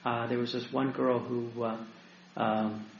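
Deacon guy preaching, gravelly voice, lots of uh and restarts, echoey dull-sounding room. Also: mid-range voice, little pitch movement. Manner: storytelling, halting with many restarts and fillers. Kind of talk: sermon-style teaching talk.

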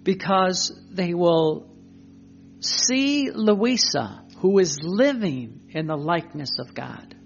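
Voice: mid-range voice, lively intonation, slow pace, gravelly, lo-fi sound, a little hiss or hum. A preacher giving emphatic spoken religious teaching, repeating phrases and asking rhetorical questions.

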